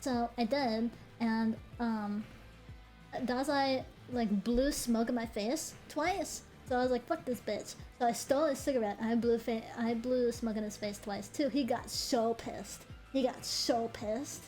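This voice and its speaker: A young woman streaming, her voice sitting a little high as she tells a story in casual chat. She is animated and swears freely, with quick laughing asides. Faint music runs underneath.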